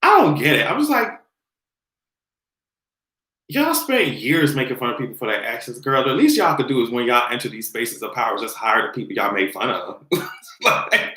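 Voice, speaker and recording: A man hosting a casual livestream, ranting about pop culture in an animated, exasperated way and laughing often. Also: mid-range voice, normal speed, echoey room, poor audio. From Jamaican heritage. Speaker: livestream host. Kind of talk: casual commentary rant.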